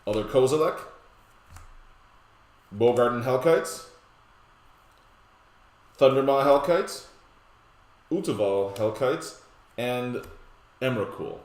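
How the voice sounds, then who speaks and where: Laid-back man rattling off card lists. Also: mid-range voice. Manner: relaxed, jokey, rattles off lists. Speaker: deck tech presenter. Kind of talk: casual card-by-card walkthrough. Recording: roomy echoey room.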